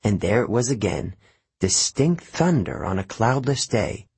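A man narrating an audiobook in the first person, with expressive storytelling. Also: lowish voice, a little slow, creaky, slightly rough, dry recording.

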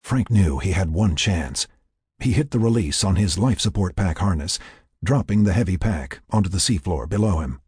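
A man narrating a tense story in a measured, scripted way with a raspy voice. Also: sits low, expressive, a little mellow, dry recording, studio quality.

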